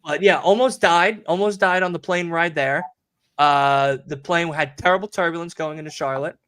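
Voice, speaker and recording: A man's voice: fairly high pitch, moderate pace, a bit bright, clear, resonant tone. A young man with a New York accent, hosting a podcast and telling a rambling, profane story in casual chat. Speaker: podcast host.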